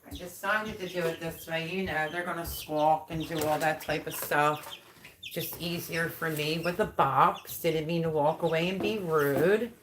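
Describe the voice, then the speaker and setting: Woman, live-stream host, low voice, slow talker, casual chat, noisy background with birds. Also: fairly even intonation. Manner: coos softly to her chicks. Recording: background noise with bird chirps.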